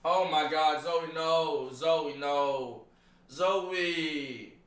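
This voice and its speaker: A man co-hosting a live stream, reacting with excitable, profane, dramatic outbursts. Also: on the high side, drawn-out words.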